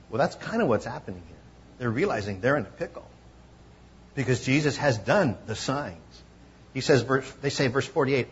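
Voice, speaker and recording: Animated male preacher, slightly lo-fi. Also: medium pitch, moderate pace, slightly rough. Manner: conversational, animated, acts out quoted voices. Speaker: pastor. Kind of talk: sermon.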